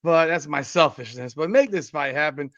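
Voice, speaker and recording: A man's voice: fairly high pitch, moderate pace, fairly bright tone, no echo. A man hosting a podcast interview in an easygoing, agreeable way. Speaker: podcast host. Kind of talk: casual interview chat. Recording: dry, slightly dull sound.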